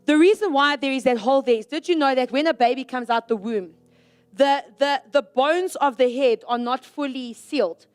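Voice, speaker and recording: Young woman youth preacher, high voice, animated, playing out bits with God. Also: moderate pace, soft background music. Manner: animated, acts out little voices for God and herself. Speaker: youth speaker. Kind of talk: youth sermon.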